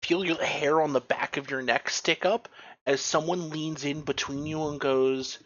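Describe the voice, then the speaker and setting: A man's voice: fairly high pitch, fairly even intonation, measured pace, a bit bright. A man narrating as game master of a tabletop game, rambling with many fillers and restarts, on a dull lo-fi recording. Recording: dull lo-fi sound.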